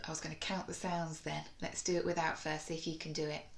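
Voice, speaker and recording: A woman teaching a phonics lesson to young children, sounding out each word slowly and clearly and encouraging them. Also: on the low side, steady tone. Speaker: primary school teacher. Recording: echoey room.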